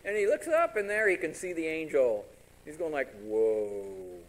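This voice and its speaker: Brisk and somewhat high-voiced, a man delivers a sermon on poor-quality audio. He animatedly recounts a story, playing out the characters' lines in acted voices and directing questions at his listeners in the congregation.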